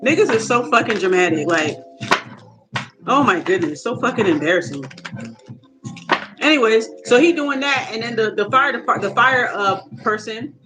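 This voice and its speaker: A woman telling a casual, profane story, animated and often laughing. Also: on the high side, normal speed, long pauses, music in the background, poor audio. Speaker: tarot reader vlogger.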